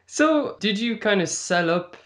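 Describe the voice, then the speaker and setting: A man's voice: high-pitched, animated, unhurried, a bit bright. An Irish man hosting a podcast, asking curious questions with short encouraging affirmations. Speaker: podcast host. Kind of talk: interviewing.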